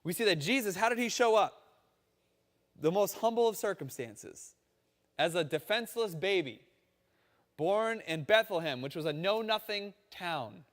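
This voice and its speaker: High-voiced man preaching in a reverberant hall. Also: lively intonation, normal speed, fairly bright tone. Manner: storytelling, acting out quoted voices. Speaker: pastor. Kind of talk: sermon.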